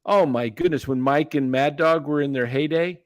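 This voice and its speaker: A man's voice: a little high, normal speed, no room sound, studio quality. A male co-host in casual sports talk, reminiscing and earnest.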